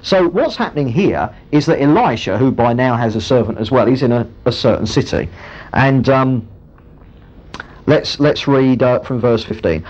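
A man's voice: medium pitch, moderate pace. Male preacher telling a bible story, voice swinging up and down, bit muffled. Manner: storytelling, animated, acts out the characters. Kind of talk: sermon retelling a Bible story. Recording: muffled lo-fi recording.

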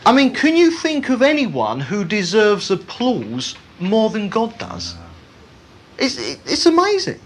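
A preacher delivering a sermon in an animated, humorous way, laughing at his own jokes. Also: mid-range voice, measured pace, a little hiss or hum. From Britain.

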